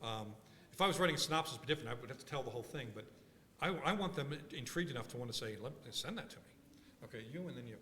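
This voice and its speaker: A man from Philadelphia giving a conference workshop talk, animated and thinking aloud with frequent restarts. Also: mid-range voice, very fast, slight background noise. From Philadelphia, USA. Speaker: workshop speaker. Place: large conference hall. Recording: conference hall reverb.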